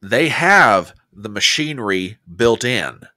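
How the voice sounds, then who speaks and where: A man's voice: mid-range voice, lively intonation, takes it slowly, bright, forceful tone, no room sound, clean studio sound. An American man hosting a casual livestream, effusive and reading viewer comments aloud. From United States. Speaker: livestream host.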